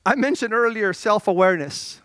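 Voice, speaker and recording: Animated high-voiced male preacher. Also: fairly quick, clean tone, no room sound. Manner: animated, shifts between shouting and low murmurs; conversational, stammering restarts. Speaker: pastor. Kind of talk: sermon.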